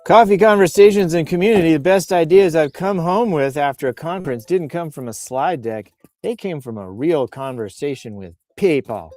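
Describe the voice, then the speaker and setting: A man's voice: on the high side, normal speed, a little mellow, dry recording, soft background music. Playful man riffing on a livestream. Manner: playful, riffing and joking while reading comments aloud. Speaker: livestream host reading posts. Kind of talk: casual live-stream chat. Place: outdoors on a bluff.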